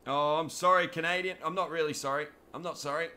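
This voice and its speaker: Australian male streamer, fairly high pitch, bright forceful tone, cheeky live game commentary. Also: steady tone, fast talker. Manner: cheeky, joking, chats to viewers by name. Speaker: gaming commentator.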